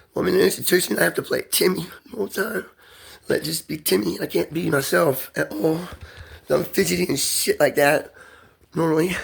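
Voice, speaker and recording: A man in an intense, rambling personal monologue, emphatic and profane, often rushing and restarting his sentences. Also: a little high, gravelly, a bit bright, breathy edge.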